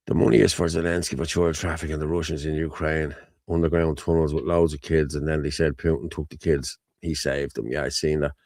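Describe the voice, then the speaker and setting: An Irish man hosts a casual livestream, his talk emotional, rambling and full of repeats. His voice is low and rough with a gravelly fry, and it sits close and dry with no room sound. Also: level tone, fairly quick, a little mellow, dry recording. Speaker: host.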